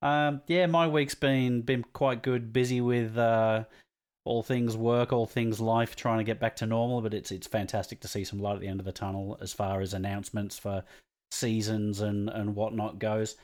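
A man's voice: lowish voice, level tone, moderate pace, darkish tone. Man, podcast co-host, casual chat, easy laughter. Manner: chatty, laughs easily.

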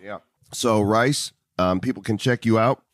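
A man's voice: fairly low pitch, unhurried. A man hosting a podcast in a casual chat, jokey and loose. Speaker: podcast host. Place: restaurant VIP room.

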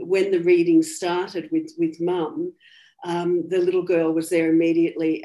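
An Australian woman, a guest in an interview, tells a personal story in an earnest, soft-spoken way, quoting dialogue as she goes. Her voice is soft and of medium build, pitched lowish.

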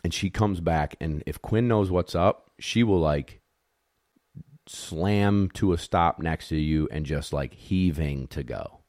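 In a deep, slow voice, a man who handles retrievers tells a lively competition anecdote, playing the judges and dogs, frank and occasionally swearing. The sound is clean studio audio with no room sound.

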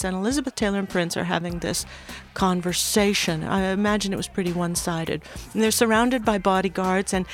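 Older woman telling a story slowly. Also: mid-range voice. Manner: unhurried and reflective, with small restarts. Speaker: guest, former recording technician. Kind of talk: storytelling interview.

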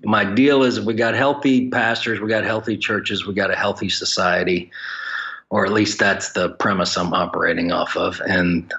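A man's voice: fairly low pitch, fairly even intonation, moderate pace, pushed and bright, lo-fi sound. A man who leads a ministry for pastors, telling stories frankly and with blunt humor as a podcast guest. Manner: frank, joking storyteller with plain blunt wording. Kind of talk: conversational podcast storytelling.

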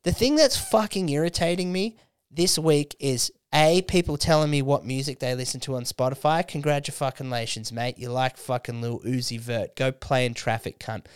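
A man's voice: medium pitch, normal speed, clear, resonant tone, no room sound, studio quality. A young Australian man co-hosting a podcast, ranting and mocking with lots of swearing. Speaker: podcast co-host. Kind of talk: crude casual banter.

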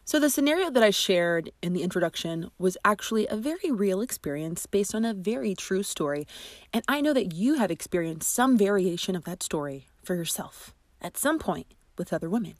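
A woman's voice: medium pitch, animated, a little fast, no room sound. Chatty woman podcast host. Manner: chatty and emphatic, with asides and laughs. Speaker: podcast host and friendship coach. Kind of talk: scripted podcast narration and advice.

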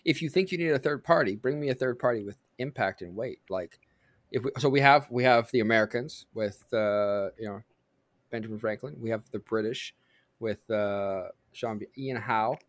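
A man co-hosting a podcast in casual chat, pitching story ideas with many fillers. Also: moderate pace, dry recording. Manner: pitches ideas, lots of "like" and restarts. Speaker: podcast co-host.

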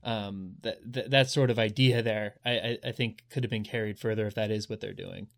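A man's voice: on the low side, steady tone, fairly quick, gravelly. A man co-hosting a casual fan podcast who talks in a hesitant way, with many restarts, and laughs easily. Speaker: podcast co-host. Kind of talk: casual chat.

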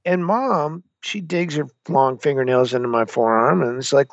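A man's voice: medium pitch, normal speed, hardly any pauses, no room sound. A man, a former military commander, telling stories animatedly as a guest in an interview. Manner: animated storyteller, acts out quotes. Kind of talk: interview storytelling. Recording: dull lo-fi sound.

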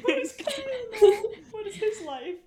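Slow, sing-song woman player. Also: very high-pitched, crowd noise. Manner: expressive, drawn-out reactions. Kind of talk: casual game chat.

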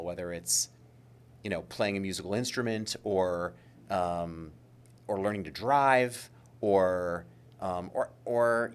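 A man explaining ideas in a casual discussion, thoughtful and hedging, with frequent fillers and restarts. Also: on the low side.

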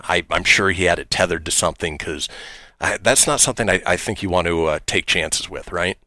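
A deep-voiced young man co-hosting a radio show, chatting casually and often stopping to restart his thoughts. He fills gaps with ums and uhs. His voice sounds close and dry, with no room around it. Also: bright, forceful tone, no room sound. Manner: hesitant, halting, filler-heavy.

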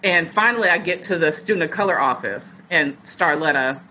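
Woman, 40s, podcast guest; low voice, bright edge, animated storyteller. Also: brisk, rough recording. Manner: lively storyteller who acts out other people's words. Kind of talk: casual storytelling.

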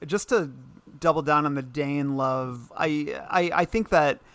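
A man's voice: a little high, unhurried, fairly bright tone, smooth, dry recording. A man co-hosting a podcast, laid-back and agreeable in casual chat. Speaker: podcast co-host.

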